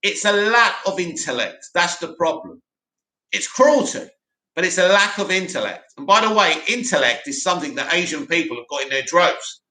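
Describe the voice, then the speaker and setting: Male stream host, high bright voice, roomy echo, talks fast and opinionated. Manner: animated, opinionated, rambling. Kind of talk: casual live chat reading.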